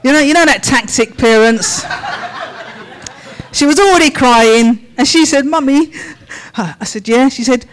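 The rough recording, carrying a little hiss or hum, captures a woman with a higher voice delivering a church sermon. She poses a run of slow, measured questions to the congregation.

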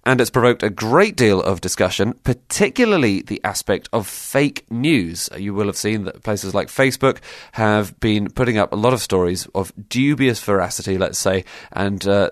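A man hosts a chatty podcast. His voice sits fairly low and sounds close and dry, with no room around it. He delivers points with a wry, understated edge. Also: expressive, normal speed, hardly any pauses, no room sound. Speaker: podcast presenter. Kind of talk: conversational podcast chat.

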